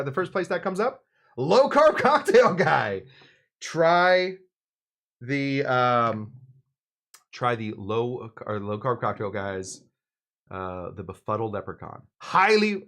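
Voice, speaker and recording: This live cocktail show's host has a fairly high, fairly bright voice. His casual live-stream chatter wanders, full of "um"s, false starts, and jokes at his own expense.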